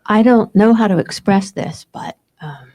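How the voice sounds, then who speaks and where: Woman, heartfelt and hesitant, husky, gravelly, mellow tone. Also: medium pitch, measured pace, no room sound, clean studio sound. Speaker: audience member. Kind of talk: heartfelt tribute.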